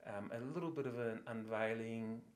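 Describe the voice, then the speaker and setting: An earnest Australian man answering interview questions in a relaxed, conversational way. He hesitates often, with ums and restarts, as he searches for the right words. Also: mid-range voice, moderate pace. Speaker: former student and artist, interviewee.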